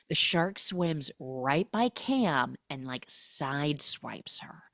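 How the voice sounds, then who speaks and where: A woman with a low, grounded voice hosts a casual podcast recap. She tells the story in a chatty way and jumps into the characters' lines with sudden swings in pitch. The sound is close and dry, with no room around it. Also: very animated, measured pace, hardly any pauses, fairly bright tone, dry recording. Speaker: podcast host recapping a film.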